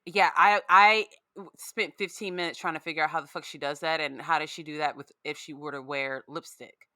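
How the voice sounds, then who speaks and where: A woman's voice: sits low, steady tone, fairly quick, bright, forceful tone, dry recording, clean studio sound. A woman guesting on a podcast, chatting bluntly and swearing freely. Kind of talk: casual chat.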